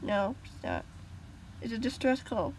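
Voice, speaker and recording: A woman's voice: a little high, wildly swooping pitch, unhurried, a little hiss or hum, exaggerated voice, poor audio. A woman voicing a determined young boy hero in a storybook reading, speaking urgently and firmly. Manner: urgent, commanding.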